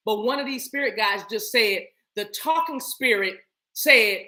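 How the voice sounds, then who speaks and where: Brief: playful woman spiritual reader, bright and forceful tone, casual chat with viewers. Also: on the high side, measured pace. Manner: animated, breaks into bursts of speaking in tongues; playful, laughs often, talks to viewers as y'all. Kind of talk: casual spiritual reading session.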